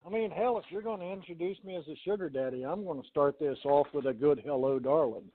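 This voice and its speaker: A man's voice: fairly high pitch, quick pace. Folksy joking man on a phone line. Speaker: guest medium. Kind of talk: casual talk radio chat. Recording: tinny phone-line audio.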